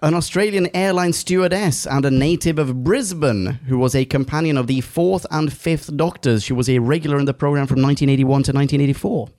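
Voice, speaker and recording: A man's voice: a little high, a little fast, few pauses, a little mellow. A man hosting a casual podcast chat, steering topics, reading out notes and laughing often. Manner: steers the talk, reads notes aloud, laughs a lot. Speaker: podcast host.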